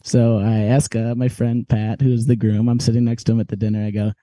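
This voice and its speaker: In a brisk, mid-range voice with few pauses, a young man co-hosting a podcast tells a long story during casual chat. He's an animated storyteller who acts out the characters' quoted voices and laughs often, captured in a dry recording.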